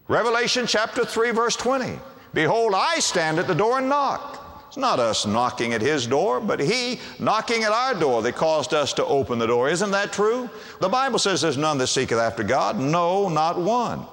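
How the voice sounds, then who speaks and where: A male pastor delivering a sermon, his voice swinging widely up and down in pitch as he poses rhetorical questions. The sound carries the long reverb of a large hall. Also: a bit bright.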